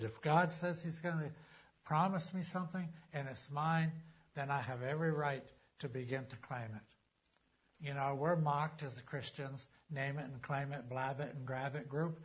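A man preaching a sermon as a pastor, emphatic, slowing down to read scripture aloud. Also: mid-range voice, slightly rough.

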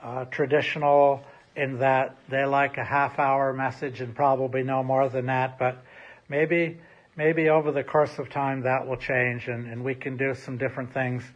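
A man's voice: medium pitch, flat delivery, moderate pace. A male pastor delivering a recorded sermon in an empty church sanctuary, speaking casually with frequent restarts. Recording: slightly muffled recording.

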